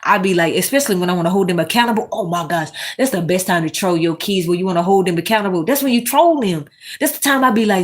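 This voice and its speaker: A woman hosting a casual commentary monologue, animated and swearing, talking straight to her viewers. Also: on the low side, fast. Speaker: commentary host.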